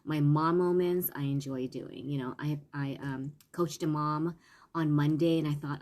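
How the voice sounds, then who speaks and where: A woman's voice: low voice, fairly even intonation, normal speed, darkish tone. A woman parenting coach and teacher giving a casual live-stream talk, earnest and meandering, with restarts.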